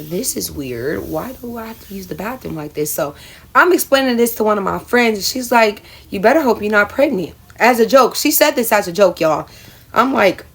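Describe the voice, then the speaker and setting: A woman's voice: medium pitch, gravelly, slightly rough. A young adult woman telling a personal story in a casual vlog, chatty and self-mocking, often calling her viewers y'all. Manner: chatty, addresses viewers as y'all, laughs at herself. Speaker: storyteller vlogger.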